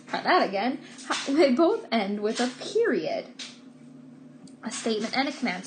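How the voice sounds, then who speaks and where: A woman teacher giving a patient, slow grammar lesson to first graders, stressing key words. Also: on the high side, noisy background. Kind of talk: recorded remote grammar lesson for young children.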